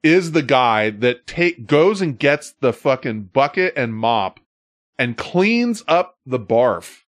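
Guy on a podcast telling a wild story, swears a lot, gets shouty, dry mic. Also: medium pitch, slow, no echo. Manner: profane, animated storyteller who shouts when acting out scenes. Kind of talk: casual storytelling chat.

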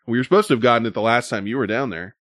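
A man's voice: medium pitch, rapid-fire, a bit bright, no echo, studio quality. A man in casual conversation, telling a long, exasperated story that wanders and swears freely. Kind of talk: casual chat.

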